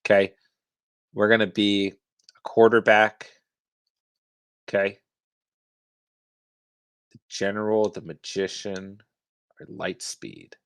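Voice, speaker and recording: A man's voice: fairly low pitch, little pitch movement, slow pace, pauses often, fairly bright tone, clear, resonant tone, dry recording. A young adult man hosting a casual live stream, reading viewer chat aloud in an easygoing way. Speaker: host.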